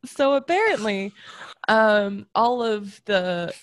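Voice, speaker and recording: Speaking slowly but in an animated way, this young podcast co-host rambles through casual chat full of fillers. Her voice is mid-range, and the clean studio sound carries no room sound.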